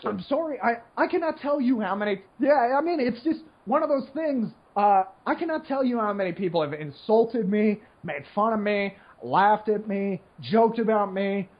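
A poker player speaks at normal speed with hardly any pauses, his high-pitched, husky voice full of lively intonation. His casual monologue rambles, leans on fillers, and checks in with "right?", and he mocks complainers with whiny impressions. It's a slightly muffled lo-fi recording.

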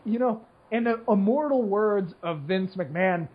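A man's voice: sits high, measured pace, slightly rough. A man who plays poker, talking in a casual, rambling monologue with many fillers, checking in with "right?" as he goes. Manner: rambling, filler-heavy, keeps asking "right?"; mocks complainers in whiny put-on voices. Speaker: poker player. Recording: slightly muffled lo-fi recording.

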